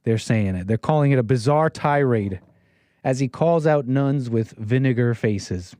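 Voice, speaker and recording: A man's voice: mid-range voice, a little slow, dark tone, no echo. A man hosting a call-in livestream show, talking in a brash, rambling way with playful catchphrases. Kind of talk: casual livestream monologue.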